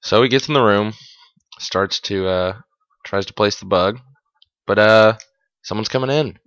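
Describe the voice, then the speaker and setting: Low-voiced man recapping a show. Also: measured pace, a bit bright, no echo. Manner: chatty, amused, corrects himself mid-sentence. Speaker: podcast host. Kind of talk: casual episode recap. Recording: dull, dry lo-fi sound.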